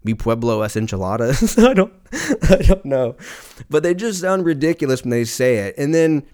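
A man's voice: mid-range voice, animated, normal speed, a little mellow. Rambling, profane man talking solo. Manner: rambling, profane, tangential, laughs often. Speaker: podcast host. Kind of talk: casual solo monologue.

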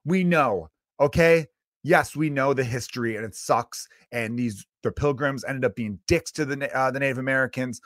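A man's voice: mid-range voice, moderate pace, a bit bright, no echo, studio quality. A man hosting a solo podcast, ranting in a loose, profane, exasperated way with lots of fillers. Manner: loose, rambling with many fillers. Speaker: podcast host.

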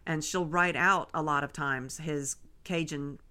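A woman in casual chat as a podcast co-host, a loud speaker who projects her voice. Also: low voice, fairly even intonation, unhurried. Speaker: author and lawyer, podcast co-host.

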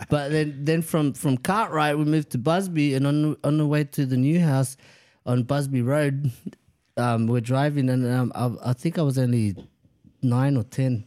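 A man's voice: mid-range voice, steady tone, a little slow, a little mellow. A man from El Salvador, a guest telling rambling childhood stories in casual chat and swearing freely.

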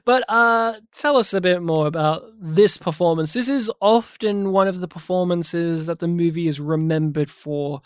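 An animated, enthusiastic podcast host chatting casually about film. The voice sits at a middling pitch. It is recorded dry and close, with no room sound. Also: normal speed, hardly any pauses, smooth, no room sound.

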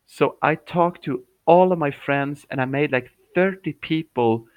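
A man's voice: a little high, a little slow, smooth, no echo, phone-quality sound. A man from Sweden, a professional clown who chats cheerfully and laughs often as a guest on a remote call.

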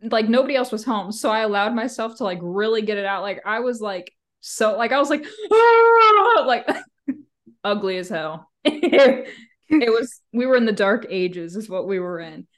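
A woman's voice: medium pitch, moderate pace. A woman co-hosting a podcast in casual chat, blunt and swearing freely, laughing often. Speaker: podcast co-host.

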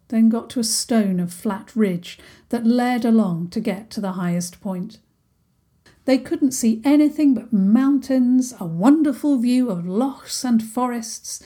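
A woman reads a children's story aloud in a gentle, unhurried way. Her voice is husky and mellow, and she speaks at a slow pace. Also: medium pitch. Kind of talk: scripted children's story narration.

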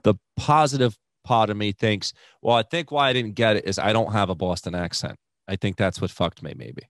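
A man's voice: fairly low pitch, a little fast, fairly bright tone, dry recording, studio quality. A young man with a Rhode Island accent, a stand-up comedian chatting casually on a podcast in profane, self-deprecating rants.

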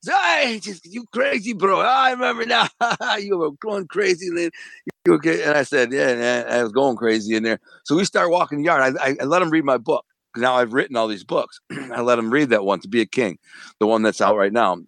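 A man's voice: mid-range voice, lively intonation, a little fast, vocal fry, a bit bright, no echo. A middle-aged man from the Detroit area telling a rambling, streetwise story, acting out the voices of people he quotes. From Detroit area, USA. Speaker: interview guest, author. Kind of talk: casual storytelling.

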